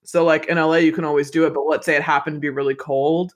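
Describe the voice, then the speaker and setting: A man's voice: a little high, little pitch movement, fast. Chatty swearing male podcast co-host. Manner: loose and chatty, swears freely, acts out quotes. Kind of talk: casual film review chat.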